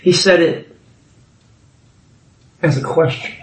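A man's voice: on the high side, slow pace, far from the mic. A man preaching a sermon as pastor, voicing scripture passages with rising force. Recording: echoey room.

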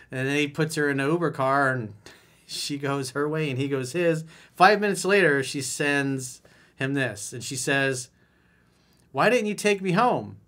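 Guy coaching on dating, blunt and punchy, talks casual and emphatic, mid-pitched voice. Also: unhurried, fairly bright tone. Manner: emphatic, blunt, conversational, reads out listener messages. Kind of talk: solo advice monologue.

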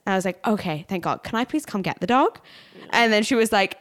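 A woman's voice: medium pitch, brisk. A woman co-hosting a podcast, telling a story in casual chat, acting out quotes and swearing freely. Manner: animated, swears, acts out quotes. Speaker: podcast co-host.

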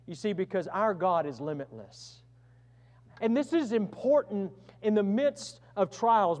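A man preaching a sermon as pastor, earnest, swinging from loud emphasis to hushed tones. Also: sits high, animated, unhurried, long reverb tail.

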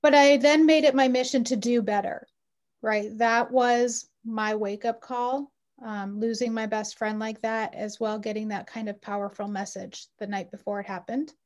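Earnest woman in her 40s, bit higher voice, telling her own story w lots of ums. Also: steady tone, moderate pace, a little mellow. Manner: earnest and heartfelt, with frequent ums. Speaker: interview guest; mother. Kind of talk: personal storytelling.

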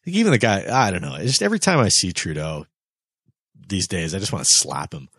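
Husky, lively-voiced ranting podcast man. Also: sits low, a little fast, dry recording, studio quality. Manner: animated, profane ranting with mocking impressions. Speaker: podcast co-host. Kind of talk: casual podcast banter.

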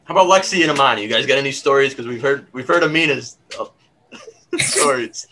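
A man's voice: medium pitch, pushed and bright, slight background noise, rough recording. Laid-back young man hosting. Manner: halting, many fillers, laughs easily. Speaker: host. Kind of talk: casual chat.

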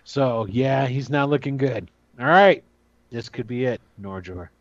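A man's voice: medium pitch, a little slow, no echo, lo-fi sound. A man narrating and running a tabletop role-playing game in a casual, chatty way. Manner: casual, chatty, with many restarts. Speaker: game master.

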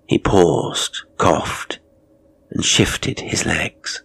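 A man narrating a horror story in a measured, dramatic reading. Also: sits low, fairly even intonation, vocal fry, dry recording.

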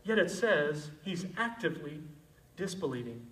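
A male pastor preaching a sermon, moving between loud, emphatic passages and quiet, intimate ones. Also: on the high side, sing-song, moderate pace, reverberant, recorded from a distance, poor audio.

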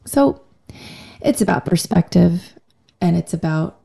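A woman's voice: lowish voice, expressive, a little slow, vocal fry, mellow, breathy edge. A woman in her forties hosting a podcast, talking frankly and emotionally in a personal monologue, her voice cracking after laryngitis and swearing casually. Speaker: podcast host.

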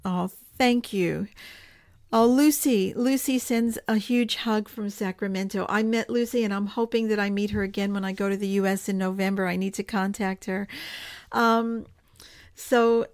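A woman's voice: mid-range voice, fairly even intonation, moderate pace, darkish tone. A woman speaking live to her viewers, giving an earnest, pleading appeal and repeating phrases for emphasis. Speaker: organization spokesperson hosting a live broadcast. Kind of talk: impassioned direct-to-camera appeal.

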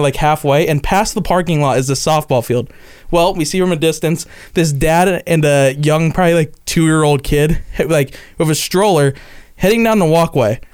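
A man's voice: on the high side, clear, resonant tone. A young man from the Las Vegas area, co-hosting a podcast and telling a funny story in casual chat, acting out his friends' lines. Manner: animated storyteller, acts out quoted friends. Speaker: podcast co-host.

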